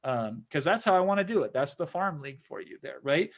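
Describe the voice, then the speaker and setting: Middle-aged male webinar host, slightly high voice, loose conversational sales pitch. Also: animated, a little fast. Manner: conversational, frequent "right?" tag questions. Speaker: webinar host and marketing consultant.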